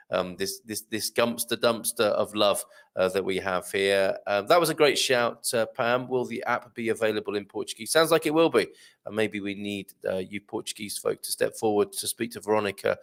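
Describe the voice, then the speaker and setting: Gravelly-voiced chatty male live-stream host. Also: medium pitch, fairly bright tone. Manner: chatty, jokey, with frequent ums and uhs. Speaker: show host reading viewer comments. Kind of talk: casual live-stream chat. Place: home in Portugal.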